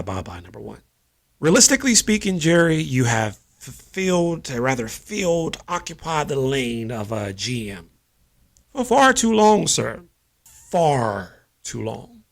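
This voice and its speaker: A man in his forties rants as a fan after the game, speaking into a phone. His voice sits a little high and has a gravelly edge. His pitch leaps all over as he hammers his points. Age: 40s. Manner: animated and emphatic, with big swings of pitch. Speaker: sports podcast host. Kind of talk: fan postgame rant. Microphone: phone camera.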